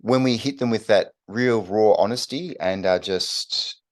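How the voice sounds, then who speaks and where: A middle-aged man co-hosting a casual podcast chat, calm and supportive, prompting his partner with questions. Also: on the low side, unhurried. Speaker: podcast co-host.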